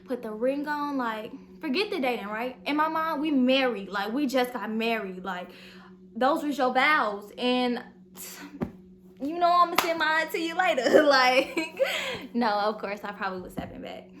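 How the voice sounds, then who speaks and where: A young woman vlogger telling a storytime in an animated, slangy way, acting out the dialogue, recorded in her bedroom at home. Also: on the high side, a little slow, slight background noise. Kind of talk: storytime vlog.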